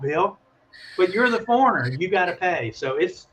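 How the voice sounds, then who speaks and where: A man casually telling a story on a call, animated and acting out the voices of the people in it. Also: sits high, brisk, slight background noise. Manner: animated, acts out voices in his stories. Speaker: guest calling in.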